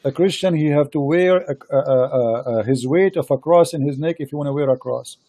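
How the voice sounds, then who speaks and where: A man hosting a heated online debate, insistent and repetitive, speaking halting non-native English into a computer mic. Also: on the high side, mellow, no echo. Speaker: host of a live debate stream.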